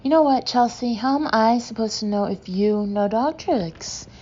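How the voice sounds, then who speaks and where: A woman's voice: a little high, normal speed, dark tone, dull audio, pitched above the performer's own voice, lightly acted. A woman voicing a man, an exasperated and fed-up boyfriend with a raised voice.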